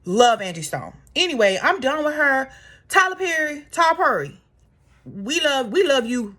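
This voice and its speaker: A woman's voice: high-pitched, big pitch swings, normal speed, sharp tone. A woman in her thirties giving a sassy, exasperated opinion rant straight to her viewers. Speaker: commentary vlogger.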